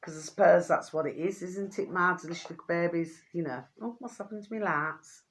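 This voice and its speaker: Chatty woman, rambling and hoarse. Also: lowish voice, a little fast. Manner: affectionate, rambling, keeps asking "do you see what I mean". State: getting hoarse. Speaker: vlogger. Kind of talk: casual chatty vlog to viewers.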